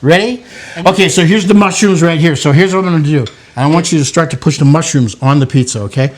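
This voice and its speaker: A man's voice: fairly high pitch, fast. An older man hosting a home cooking show, cheerfully coaching his grandkids through making pizza in a kitchen. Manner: encouraging, playful, coaxing children. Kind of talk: casual cooking demonstration with kids.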